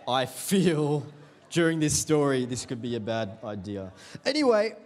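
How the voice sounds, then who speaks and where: Animated man preaching a sermon. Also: medium pitch. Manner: animated storytelling with congregation call-and-response. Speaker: pastor. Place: church.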